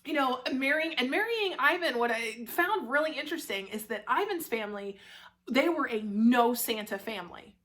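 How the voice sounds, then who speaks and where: A young woman chatting casually to camera as a book reviewer, gushing and warm about her subject, with lots of fillers and restarts. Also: sits high, lively intonation, moderate pace.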